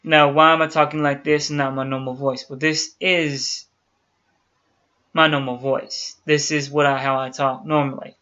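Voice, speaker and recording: A YouTuber chats casually to the camera, speaking earnestly and directly to his viewers. His voice sits on the high side with little pitch movement, a moderate pace and a sharp tone. The recording sounds dull and lo-fi.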